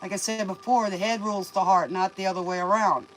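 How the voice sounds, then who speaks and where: A woman reads tarot in a loose, homespun way, preaching about tears, lessons and faith while calling her listener baby. Her voice sits in a middle register, neither high nor low. Quiet music plays faintly behind her. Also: steady tone, fast, poor audio. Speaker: tarot reader and livestream host. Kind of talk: casual spoken tarot reading.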